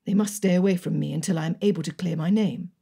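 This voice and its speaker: A woman voicing a proud, brooding young Regency gentleman in an audiobook, speaking low, slow and strained. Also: creaky, husky. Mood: tense. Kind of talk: audiobook character reading.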